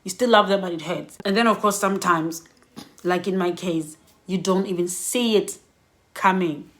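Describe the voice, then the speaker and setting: A middle-aged woman giving candid, reflective personal advice in a vlog, laughing softly between points. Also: lowish voice, normal speed. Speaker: vlogger.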